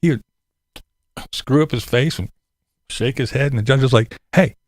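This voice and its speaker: A man's voice: medium pitch, moderate pace, a little mellow, dry recording. A man chatting casually with his online viewers, laughing through most sentences and swearing while he mocks. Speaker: livestream host answering chat. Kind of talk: casual commentary chat.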